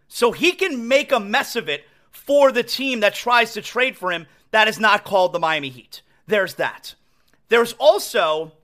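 A man's voice: high-pitched, bright, forceful tone. A man hosting a sports podcast, delivering an emphatic, rambling opinion monologue full of restarts and asides.

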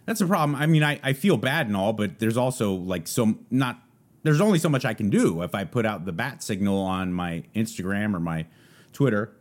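Brief: male podcast host from Southern California, low voice but lively swings, loose and rambling. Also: normal speed. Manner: rambling, loose, lots of fillers. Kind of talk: casual solo monologue.

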